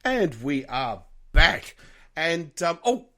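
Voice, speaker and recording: A middle-aged man chatting as a podcast co-host, his voice sitting a bit higher than most men's. He talks in a frank, animated way, drops swear words freely and often laughs mid-sentence. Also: slow, soft background music. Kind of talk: casual chat.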